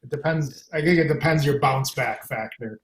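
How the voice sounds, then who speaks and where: A man, a guest stand-up comic, chatting casually with dry, deadpan quips. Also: medium pitch, normal speed. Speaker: guest comedian. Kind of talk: casual chat. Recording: echoey room with faint noise.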